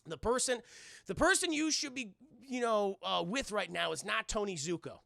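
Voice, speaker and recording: A man's voice: high voice, animated, moderate pace, vocal fry, bright, forceful tone, no room sound, studio quality, voice pushed up, exaggerated voice. A man voicing a stern older male butler who lectures his master and pushes him to act. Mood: coaxing. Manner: insistent, lecturing, swearing.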